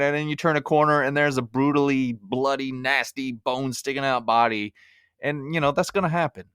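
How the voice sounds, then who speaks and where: A man reviewing a film on his podcast, casual and wry, poking fun at himself as he goes. His voice is smooth and clear, with a dry close-mic sound and no room around it. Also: mid-range voice, a bit bright, dry recording. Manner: wry, self-mocking humor with chuckles. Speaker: podcast host. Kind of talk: casual movie review monologue.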